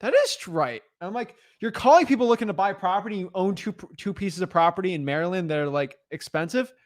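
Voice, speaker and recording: On a live real estate stream, a young co-host talks fast and emphatically in a high voice, going over his points again and again. The recording has no echo.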